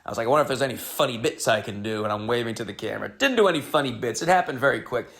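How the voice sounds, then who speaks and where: A man's voice: mid-range voice, animated, racing, fairly bright tone. A man hosting his own podcast, telling a comedic story in a rambling, wry, self-interrupting way.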